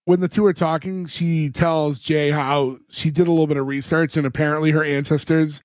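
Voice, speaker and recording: A man's voice: a little high, steady tone, moderate pace, no echo, clean studio sound. A man co-hosting a podcast, recapping a TV episode in casual chat with lots of fillers, acting out the characters' lines as he goes. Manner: rambling, many fillers, acts out characters' lines. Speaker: podcast co-host.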